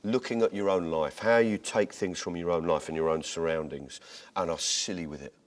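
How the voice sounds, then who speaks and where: A man being interviewed as a comedian, telling jokes and stories in an animated way, restarting his sentences as he goes. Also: sits low, a little fast. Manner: animated, tangents and restarts while retelling jokes. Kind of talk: conversational interview storytelling.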